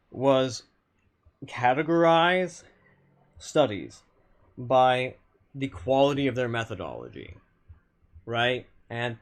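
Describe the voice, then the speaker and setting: A man's voice: medium pitch, a bit bright. A man streaming a game and talking casually with his viewers, arguing bluntly and swearing often, with frequent restarts. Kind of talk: casual live-stream chat reading viewer comments.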